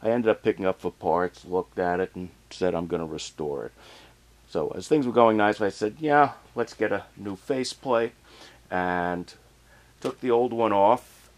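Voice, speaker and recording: A man casually narrating a hands-on turntable repair in a relaxed, plainspoken way while he works in a home workshop. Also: deep voice, moderate pace. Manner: relaxed, plainspoken, working as he talks. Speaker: hobbyist restoring a turntable.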